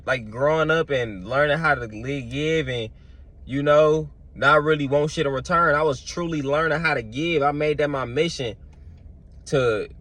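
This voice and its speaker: A man's voice: mid-range voice, fairly bright tone. A young man, telling stories in a loose, slangy vlog monologue full of fillers. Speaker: vlogger. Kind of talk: casual storytelling monologue.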